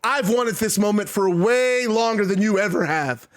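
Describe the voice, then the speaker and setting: Brief: man voicing a cold defiant wrestler, steady menacing promo. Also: sits high, normal speed, close to an everyday voice.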